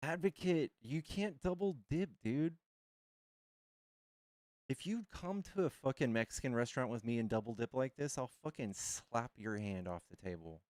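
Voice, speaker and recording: A man's voice: mid-range voice, lively intonation, normal speed, darkish tone, no room sound, clean studio sound. Crude joking male streamer. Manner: crude, joking, addresses chat. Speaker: streamer host. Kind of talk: live-stream chat.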